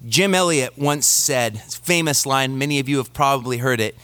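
A man in his thirties preaching a sermon, moving from slow scripture reading into a relaxed story about his young daughter. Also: mid-range voice, clean tone, dry recording. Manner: reads scripture slowly, then tells a family story conversationally. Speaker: pastor.

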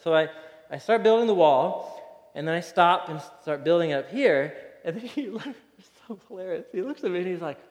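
A man's voice: high-pitched, animated, normal speed. A man in his thirties, a pastor giving a sermon in a conversational, storytelling way and chuckling often. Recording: reverberant hall.

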